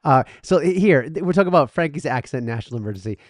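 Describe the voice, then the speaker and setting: A man's voice: fairly high pitch, animated, very fast, no room sound, studio quality. A man co-hosting a casual podcast, rambling and stammering through his points and laughing often. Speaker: podcast co-host.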